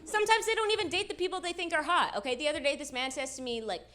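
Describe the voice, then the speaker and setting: A young woman performing a self-deprecating stand-up comedy set on stage, with quick asides to the crowd. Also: high-pitched, pushed and bright. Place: comedy stage with live audience. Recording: live show with clear background noise.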